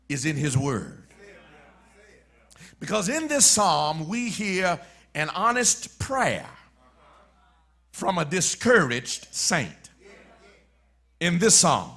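Emphatic preacher man, lively high voice. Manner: emphatic, repetitive, swings between soft and shouted. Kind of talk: sermon.

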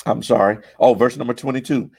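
A man teaching a church Bible study, halting and explanatory, with frequent fillers and repeated words. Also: medium pitch, fairly even intonation, creaky, a little mellow, husky, no echo.

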